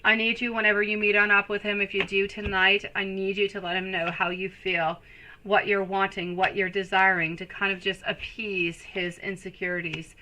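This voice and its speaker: A woman running a live tarot stream, her voice bright and clear. She talks in an affectionate, reassuring way and keeps calling her listeners sweet pet names. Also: mid-range voice, flat delivery, normal speed, a little hiss or hum, poor audio. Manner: soothing, reassuring. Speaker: tarot reader.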